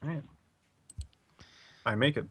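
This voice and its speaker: A man playing a tabletop role-playing game, low-key and chuckling. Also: a little slow, fairly bright tone, husky, no room sound. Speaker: player. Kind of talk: tabletop role-play chat.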